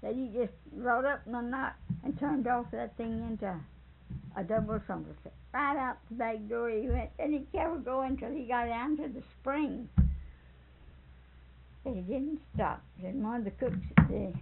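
Older woman with a gravelly voice. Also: a little high, normal speed. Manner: chuckling, rambling storyteller with dialect speech. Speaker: interviewee. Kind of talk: folksy storytelling. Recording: tinny phone-like recording with faint hiss.

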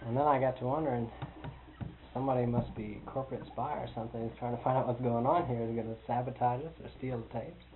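A man's voice: medium pitch, steady tone, quick pace. A man telling a long personal anecdote in a rambling, amused way, chuckling as he goes. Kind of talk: personal storytelling. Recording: tinny phone-like with hiss.

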